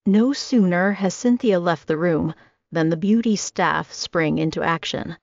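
A woman in her twenties narrating a first-person audiobook with steady, even storytelling. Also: fairly low pitch, a little slow, vocal fry, no room sound. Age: 20s. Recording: dry, slightly dull audio.

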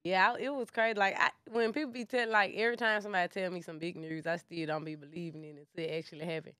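A woman's voice: on the low side, steady tone, rapid-fire, a bit bright, smooth, dry recording, studio quality. A woman, a rapper chatting as an interview guest in a laid-back, slangy way. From Memphis, USA. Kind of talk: casual interview chat.

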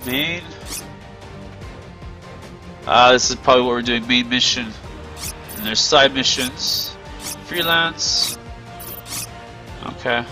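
A man's voice: medium pitch, takes it slowly, long pauses, over music. A tired man giving casual commentary while exploring a game, thinking aloud with many ums and hedges. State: yawning, tired. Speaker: gameplay video creator.

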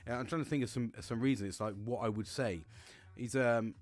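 British guy rambling on his own show, lots of ums and swearing, mid-pitched voice, dead dry room. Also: brisk, a little mellow, no room sound, faint music behind. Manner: rambling, sweary, chatty with many fillers. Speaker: podcast host. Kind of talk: casual chat monologue.

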